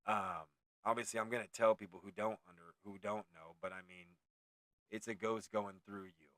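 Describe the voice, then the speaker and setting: A man's voice: fairly low pitch, steady tone, moderate pace, fairly bright tone, no echo. A man around forty from California, telling a haunted story in a rambling, profane, laid-back way, full of tangents and self-corrections. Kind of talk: casual storytelling.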